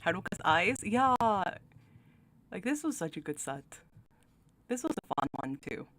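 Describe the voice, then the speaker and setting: A woman's voice: mid-range voice, very animated, unhurried, fairly bright tone, a little hiss or hum. A young woman hosting her channel, chatting casually while ranking game cards, giggling often and talking with many fillers and restarts. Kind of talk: casual commentary.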